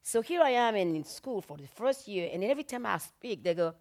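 A middle-aged woman from Benin speaks English. Her voice swings widely in pitch as she tells stories with animation. She acts out the people she quotes and laughs often. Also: big pitch swings, fairly quick, darkish tone. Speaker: musician guest. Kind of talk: animated storytelling.

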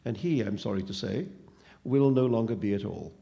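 A man's voice: lowish voice, moderate pace, vocal fry, muffled recording. A man reading a story aloud, voicing a pompous male phantom who speaks in precise, wordy and falsely kindly tones. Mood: smug.

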